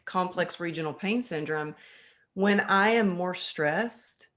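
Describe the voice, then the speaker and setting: Animated woman podcast host. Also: lowish voice, slow. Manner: animated, acts out her own inner voice. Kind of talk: casual interview chat.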